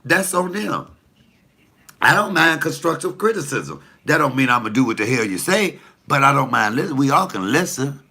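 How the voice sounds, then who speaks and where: Gravelly, bright-voiced man, blunt and profane. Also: mid-range voice, lively intonation, moderate pace. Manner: blunt, profane, preachy storytelling. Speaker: comedian. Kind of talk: casual monologue to camera.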